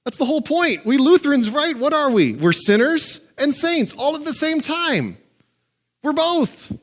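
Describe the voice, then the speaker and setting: A male pastor preaching a conversational, animated sermon with asides and chuckles. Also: very high voice, measured pace.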